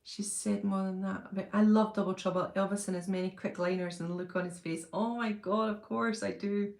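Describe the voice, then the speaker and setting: A woman hosting a relaxed live stream, chatting freely and breaking into laughter as she answers viewers' comments. Her voice sits in a middle register. The room around her gives it a noticeable echo. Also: medium pitch, a little fast, vocal fry. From Britain. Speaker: channel host reading live chat. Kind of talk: casual live-stream chat. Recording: roomy echo.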